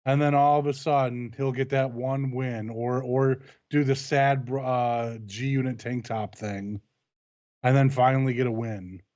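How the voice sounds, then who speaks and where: A man's voice: mid-range voice, steady tone, unhurried, darkish tone, no echo, muffled recording. A man co-hosting a live wrestling review stream, chatting casually and laughing a lot. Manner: laughs a lot, short agreeing replies. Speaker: wrestling show co-host.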